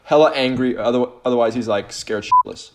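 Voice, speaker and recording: A man's voice: mid-range voice, a little fast, background noise. A man co-hosting a podcast, joking and teasing his co-host in casual chat. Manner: joking, teasing, lively ups and downs.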